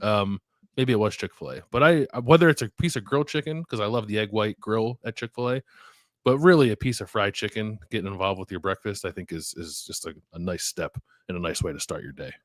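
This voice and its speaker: A man's voice: on the low side, fairly quick, dry recording, studio quality. A man co-hosting a podcast, chatting casually and rambling with lots of fillers, trailing off at the ends of thoughts. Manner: rambling, heavy use of "like" and "uh", trails off softly. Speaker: podcast co-host. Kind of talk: casual chat.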